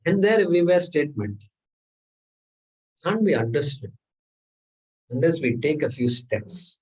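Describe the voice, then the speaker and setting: A man's voice: on the high side, very animated, unhurried, slightly rough, recorded from a distance, poor audio. A man teaching a scripture class, talking through verses with rhetorical questions and chanted Sanskrit. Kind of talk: lecture on scripture.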